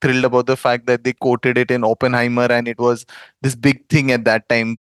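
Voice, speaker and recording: A man's voice: medium pitch, monotone, brisk, clean tone, no echo, studio quality. A man asking an interview question in a leading, conversational way.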